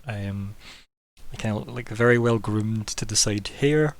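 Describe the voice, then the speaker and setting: A man narrating as game master in an online tabletop game, describing scenes in a relaxed, rambling way. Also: fairly low pitch, a little slow.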